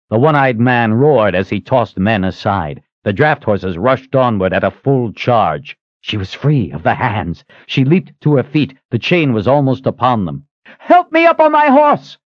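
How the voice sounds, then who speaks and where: A man's voice: on the low side, dry recording. A man reading a fantasy audiobook as narrator, dramatic and shifting his pace. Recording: slightly muffled dry recording.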